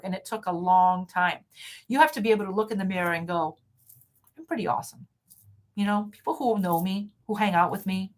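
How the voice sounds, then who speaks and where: A woman hosts a motivational talk over a video call, speaking frankly, emphatically and with self-assurance. Her voice is medium in pitch with a fairly bright tone.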